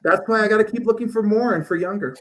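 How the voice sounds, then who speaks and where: A man's voice: sits high, fast, poor audio. A man telling crude rambling stories in a casual panel chat. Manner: crude, rambling storyteller, loud acted outbursts.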